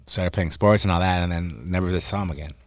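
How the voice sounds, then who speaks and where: A young man in casual podcast chat, candid and halting, with lots of "like". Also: low-pitched, fairly even intonation, no echo. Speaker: co-host.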